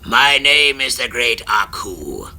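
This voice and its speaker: Aku, a booming cartoon demon, as a man puts him on. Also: lively intonation, bright, forceful tone, heavily acted. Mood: grandiose. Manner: slow, booming, theatrical. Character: ancient male demon sorcerer, menacing and grandiose.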